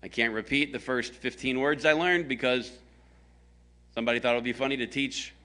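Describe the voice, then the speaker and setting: A man's voice: medium pitch, steady tone, fairly quick, bright, forceful tone. A man from the American South preaching a conversational sermon, telling a story with jokes aimed at his congregation. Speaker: pastor.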